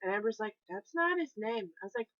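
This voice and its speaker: A woman's voice: mid-range voice, lively intonation, a little fast, a bit bright, no room sound. A young woman vlogging in a casual, gushing and sarcastic way, swearing often. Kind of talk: casual chat. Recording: dry, dull lo-fi sound.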